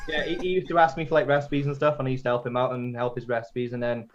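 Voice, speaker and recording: A man's voice: mid-range voice, little pitch movement, quick pace, a crowd in the background. A man chatting casually about mixing vape juice, rambling and restarting his sentences. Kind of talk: casual chat. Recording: dull lo-fi audio.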